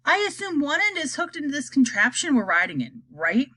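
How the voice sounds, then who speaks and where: A woman voicing a cranky, suspicious old grandmother with a croaky voice, shrill and complaining. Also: sing-song, fairly quick, sharp tone, no room sound, full character voice.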